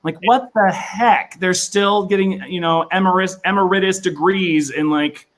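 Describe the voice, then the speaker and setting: A man's voice: high voice, normal speed. A man hosting a livestream show, chatty and upbeat. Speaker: host.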